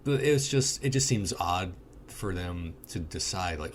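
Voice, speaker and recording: A man with a very low voice co-hosting a casual movie review podcast. He talks bluntly and profanely, and there is a faint hiss under the recording. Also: a little slow. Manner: blunt, profane, animated storytelling. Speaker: podcast co-host.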